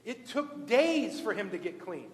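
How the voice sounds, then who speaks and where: A man preaching a sermon in a church sanctuary, asking the congregation questions and swinging from loud emphatic points to hushed asides. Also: high-pitched, sing-song, unhurried. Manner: asks the congregation rhetorical questions. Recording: echoey church hall, long reverb.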